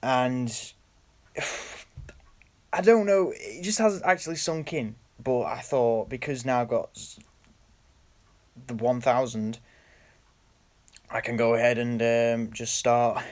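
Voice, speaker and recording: A man's voice: mid-range voice, a little mellow. Rambling young guy live-streaming. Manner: rambling, halting, greets viewers by name. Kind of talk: casual live-stream chat. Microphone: phone.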